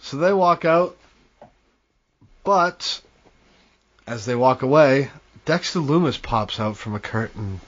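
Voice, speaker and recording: A man's voice: medium pitch, animated, takes it slowly, pauses often. A man co-hosting a podcast in casual chat, laid-back, swearing casually and laughing often. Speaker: podcast co-host. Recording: dull lo-fi podcast audio.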